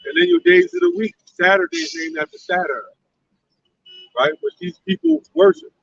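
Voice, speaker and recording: A man's voice: very high-pitched, wildly swooping pitch, normal speed, vocal fry, a bit bright, dry recording. A man giving an emphatic biblical teaching, breaking into laughs between his points. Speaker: religious teacher. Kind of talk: street-style biblical teaching. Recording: distant, dull lo-fi recording.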